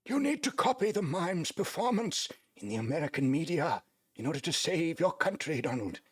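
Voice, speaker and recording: A man's voice: a little high, very animated, normal speed, slightly rough, voice pushed up. A man voicing a solemn, commanding otherworldly spirit from a video game.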